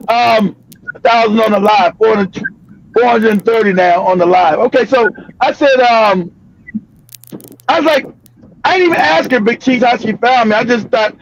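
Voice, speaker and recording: An older man from California, hosting a live stream and telling a story loudly with profanity, laughter and bursts of shouting. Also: extremely high pitch. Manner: loud, profane, laughing, often breaks into shouting. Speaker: livestream show host. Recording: dull lo-fi stream audio.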